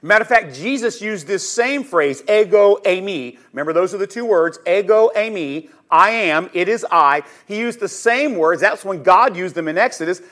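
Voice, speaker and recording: A man with a high-pitched voice teaches scripture as a sermon. He tells the story with drama and emphasis, moving between loud bursts and hushed moments, and often asks his listeners questions directly. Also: animated, normal speed, hardly any pauses. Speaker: Bible teacher.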